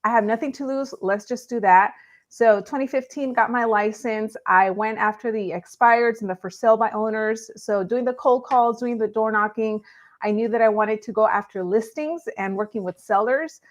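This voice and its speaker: A woman's voice: fairly high pitch, normal speed. A woman from Los Angeles, a real estate agent and content creator, talking in a friendly, upbeat way as a guest on a live online show. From Los Angeles, California. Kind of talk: conversational interview.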